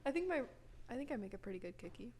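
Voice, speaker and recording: A young woman guest chats on a podcast, her voice sitting fairly high. She talks fast and fills her sentences with fillers, over a faint noisy background. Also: very animated, warm tone. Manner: quick, filler-heavy chatter. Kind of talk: casual podcast chat.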